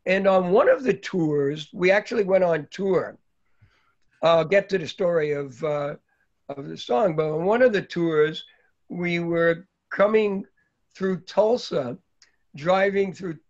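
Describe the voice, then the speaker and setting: Taking it slowly in a high-sitting voice, an older man from New York rambles through a long story about his early days, with plenty of fillers. He's a guest speaker telling anecdotes, captured on a dull lo-fi recording.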